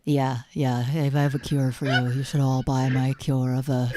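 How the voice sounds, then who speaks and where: A woman putting on a deep, smug startup founder. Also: flat delivery, moderate pace, noisy background. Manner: smug sales pitch.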